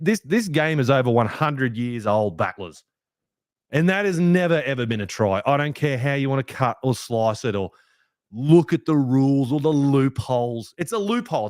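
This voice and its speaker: A young Australian man hosting a fan podcast, ranting heatedly with plenty of swearing, a little rough from a hangover. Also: mid-range voice, moderate pace, dry recording, studio quality. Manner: heated, sweary rant with lively swings. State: hungover, rough voice. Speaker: podcast host. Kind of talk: fan podcast match review.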